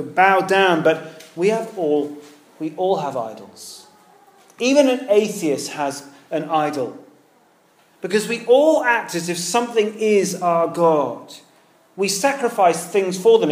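A man preaching a sermon in a lively, conversational way, dropping in everyday comparisons. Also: high voice. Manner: lively, conversational with pop-culture asides. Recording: echoey room.

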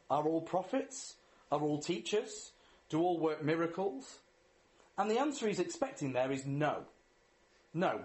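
A man's voice: fairly high pitch, darkish tone. A man preaching a sermon in an earnest way, reading scripture, asking rhetorical questions and leading a prayer.

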